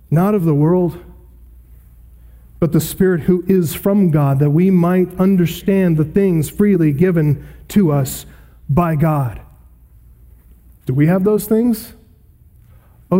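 A man's voice: high voice, dark tone, long reverb tail. A male pastor preaching an expository sermon, pressing hard on key words. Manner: emphatic, building to stressed key words.

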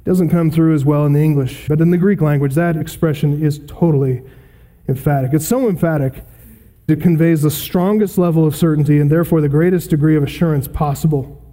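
A man's voice: on the high side, fairly even intonation, a little fast, mellow, big-room sound. A male pastor preaching an expository sermon, pressing hard on key words. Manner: emphatic, building to stressed key words.

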